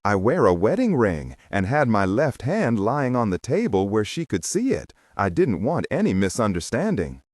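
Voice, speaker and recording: A man's voice: mid-range voice, wildly swooping pitch, normal speed, darkish tone, dry recording, studio quality, distant mic. A man narrating an audiobook in scripted first-person storytelling, with a reflective manner.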